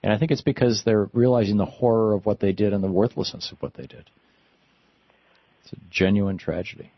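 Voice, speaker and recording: A male radio host with a very deep, husky voice leads a call-in talk show, opinionated and reflective as he answers callers. The sound is dry and close, a little dull in the top end. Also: fairly even intonation, fairly quick, dry recording.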